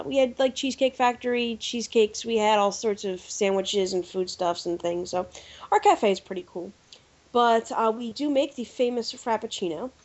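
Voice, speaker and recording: A woman from the United States hosting a podcast, telling a story in a casual, animated way with lots of fillers. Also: mid-range voice. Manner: animated storyteller, lively filler-heavy delivery. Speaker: podcast host. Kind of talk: casual chat, anecdote telling. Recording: dull lo-fi podcast audio.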